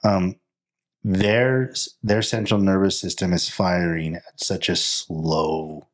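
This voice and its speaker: Deep-voiced male co-host, loose rambling delivery that acts out inner thoughts. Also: fairly even intonation, slow pace. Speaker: podcast co-host. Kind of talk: casual conversation.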